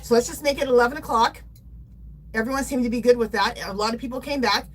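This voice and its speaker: A woman's voice: on the high side, quick pace, slight background noise. Chatty, playful woman hosting a livestream. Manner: chatty and playful, reads viewer comments aloud, laughs often. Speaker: livestream host. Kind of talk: casual livestream chat.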